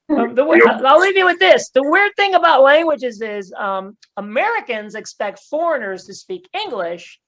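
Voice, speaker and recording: High-voiced woman doing stand-up. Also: a bit bright. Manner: laughs at her own jokes, chatty. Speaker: stand-up comedian. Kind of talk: stand-up set on a virtual comedy show. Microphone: video call.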